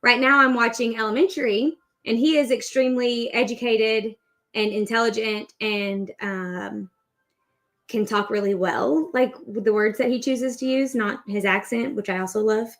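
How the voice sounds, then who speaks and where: A woman's voice: fairly high pitch, steady tone, moderate pace. A woman in her thirties hosting a crochet livestream, chatting in a rambling, upbeat way while she works. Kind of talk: casual chat while crocheting.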